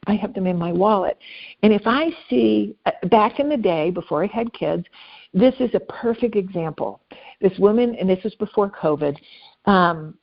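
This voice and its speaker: A woman guest telling personal stories in an earnest, conversational way, dropping softly at tender moments. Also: on the low side, dull audio. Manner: earnest, anecdotal, speaks softly at emotional moments. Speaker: podcast guest. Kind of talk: conversational storytelling.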